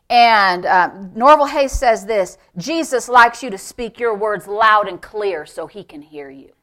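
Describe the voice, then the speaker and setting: Woman pastor, middle-aged, high bright voice, emphatic sermon delivery that drops to a hush. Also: animated, unhurried, few pauses. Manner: emphatic preaching that swings from loud exclamations to hushed near-whispers.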